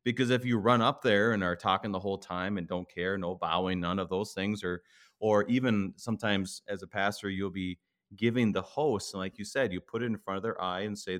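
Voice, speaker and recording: A man who is a pastor, speaking thoughtfully on a podcast and slowing down to stress key words. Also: deep voice, fairly even intonation, a bit bright. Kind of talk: conversational podcast discussion.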